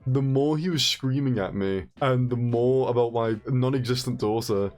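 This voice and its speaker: A man streamer telling a story casually, rambling and animated, with frequent restarts and swearing. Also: medium pitch, normal speed, soft background music.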